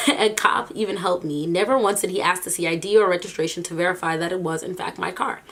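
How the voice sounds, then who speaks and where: With a fairly low pitch, this woman reacts on her vlog in a casual, animated way, sounding incredulous and frequently breaking into laughter between comments.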